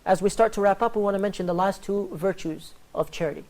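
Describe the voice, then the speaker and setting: A man hosting a religious panel talk, rattling along at a brisk clip. he tells stories with lively energy and gives each quoted character a voice of its own. he speaks to a panel of guests. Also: sits high. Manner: animated storyteller, acts out quoted dialogue. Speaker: host.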